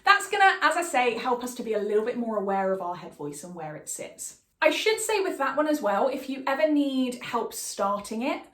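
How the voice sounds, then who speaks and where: A young woman giving a singing lesson as a vocal coach, with calm, reassuring instructions. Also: fairly high pitch, a little fast, hardly any pauses, echoey room.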